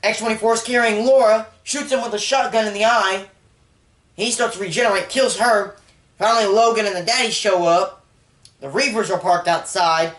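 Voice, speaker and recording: Reviewer channel host, chatty recap with lots of filler, mid-pitched voice in an echoey room. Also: normal speed, a bit bright. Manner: rambling, heavy use of "like", emotional about the story. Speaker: movie reviewer. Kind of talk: casual spoken film recap.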